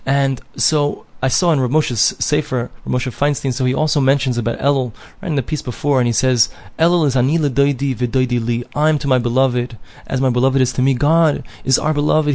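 A man's voice: medium pitch, a little mellow. A man giving a conversational Torah talk, telling a story and mixing in Hebrew and Yiddish terms. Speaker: Torah teacher. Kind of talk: storytelling sermon.

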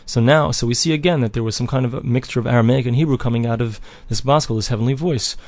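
Man, Talmud teacher, reads then translates, mid pitch, dry close recording. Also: fast talker, a little mellow, dry recording. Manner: reads each phrase of the text, then translates and explains it. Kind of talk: daily page Talmud lesson.

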